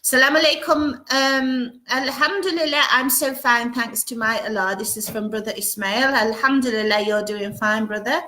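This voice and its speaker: A woman's voice: on the high side, steady tone, moderate pace, hardly any pauses, bright, forceful tone, slight background noise. A woman hosting a casual live-stream chat from home, greeting viewers one by one and reading out their comments. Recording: roomy echo.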